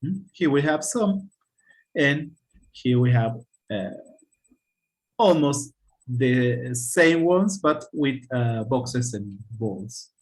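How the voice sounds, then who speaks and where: A man leads an online English lesson, talking slowly and patiently. He often pauses to check in with his students with a questioning "hmm?". His pitch sits in the middle of the usual male range. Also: animated. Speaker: English teacher. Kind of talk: online class teaching.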